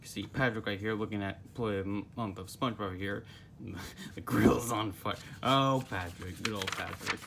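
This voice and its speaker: A man's voice: on the low side, moderate pace, creaky, a bit bright, slight background noise. A man in his twenties giving a casual, rambling book review, recorded on a phone. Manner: rambling, full of fillers.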